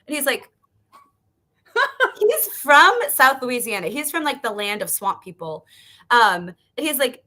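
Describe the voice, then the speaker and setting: A woman's voice: fairly high pitch, big pitch swings, moderate pace, sharp tone. A woman in her thirties, an author telling a story on a video call, laughing often and swearing as she acts out quotes. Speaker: author guest. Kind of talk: animated storytelling chat.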